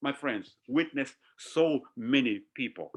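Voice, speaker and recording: A man preaching a sermon to his congregation, animated and calling out to them, often repeating his words. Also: mid-range voice, unhurried. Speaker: pastor.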